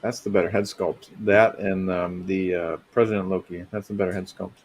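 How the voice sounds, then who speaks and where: An easygoing man chatting with friends about collectible figures, often pausing with fillers. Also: low-pitched, little pitch movement, slight background noise. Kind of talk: casual group chat about collectibles.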